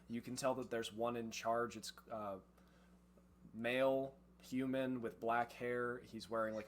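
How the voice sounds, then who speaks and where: Man, game master, relaxed narration, lots of fillers, bright tense tone. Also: medium pitch, slight background noise.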